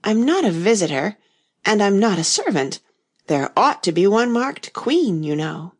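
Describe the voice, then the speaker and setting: A woman's voice: medium pitch, sing-song, unhurried. A woman voicing an impatient, puzzled young girl in a raised, girlish voice.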